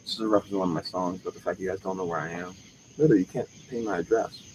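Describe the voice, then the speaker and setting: Low-voiced man rambling on a stream. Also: very fast, darkish tone, a little hiss or hum, poor audio. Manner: profane, jumps between topics. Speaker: live streamer. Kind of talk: rambling live-stream monologue.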